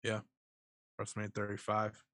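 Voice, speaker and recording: Excitable man chatting on a podcast. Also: lowish voice, no echo, studio quality. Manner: excited, swears casually, quick asides. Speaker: podcast co-host. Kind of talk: casual wrestling podcast chat.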